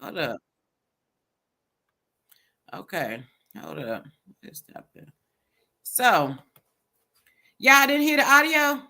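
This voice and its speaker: A woman's voice: on the high side, huge pitch swings, slow pace, gravelly, pauses often, sharp tone. A woman vlogger giving casual reaction commentary, chatting to viewers with laughs and swearing.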